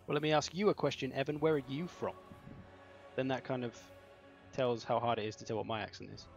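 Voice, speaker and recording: A livestream host from southern England runs a game tournament, speaking at medium pitch in a steady tone at normal speed, with vocal fry and frequent pauses. His chat is casual, joking, and self-mocking. A slightly dull lo-fi mic and faint music color the recording.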